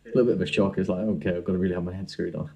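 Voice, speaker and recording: A man's voice: low voice, steady tone, racing, dull audio, a crowd in the background. A young man, a dentist, hosting a casual podcast interview and talking with many fillers and restarts. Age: young adult.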